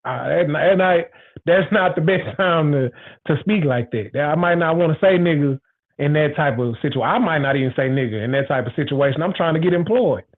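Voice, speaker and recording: A man with a high voice hosts his own show, speaking in a loose, frank casual monologue. He circles back and repeats himself for emphasis. The sound is thin and tinny, like a phone line. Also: fairly quick. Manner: rambling, repetitive, frank and emphatic. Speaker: show host.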